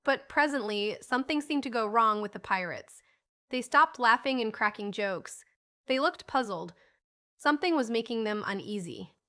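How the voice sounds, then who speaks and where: A woman's voice: on the high side, lively intonation, moderate pace, pushed and bright. A woman narrating a children's storybook audiobook, reading each character in a lightly lifted voice.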